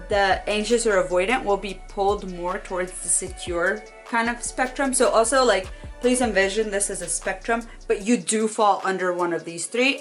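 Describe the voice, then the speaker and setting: A young woman talks straight to her phone camera in a casual advice vlog. Her delivery is animated and expressive, and she acts out quoted voices now and then. Faint music plays softly underneath. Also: medium pitch. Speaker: vlogger.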